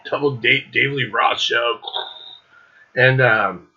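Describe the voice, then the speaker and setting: A man's voice: mid-range voice, slow pace, bright, forceful tone, slightly rough, lo-fi sound. A middle-aged man hosting his own show, telling a rambling concert story with lots of swearing and laughter. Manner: profane, laughing, loose and rambling. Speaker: host.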